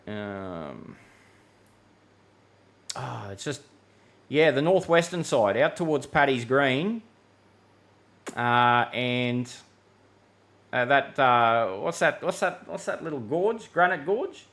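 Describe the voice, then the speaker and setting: A man's voice: medium pitch, lively intonation, takes it slowly, pauses often, a bit bright. A man with an Australian accent hosting a live weather Q&A, talking casually and easily, calling people mate and thinking aloud with fillers. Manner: laid-back, chatty, calls people mate, many fillers. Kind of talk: casual live-stream chat.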